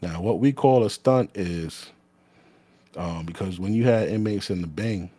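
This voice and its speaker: A man's voice: low-pitched, measured pace, dark tone, no echo. A man, a former corrections officer telling a story in casual, blunt, profane talk that often restarts mid-sentence.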